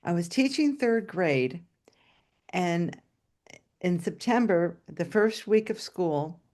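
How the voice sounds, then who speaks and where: An older woman telling a personal story at a story swap over a video call, lively and expressive, voicing the dialogue. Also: fairly low pitch, slow.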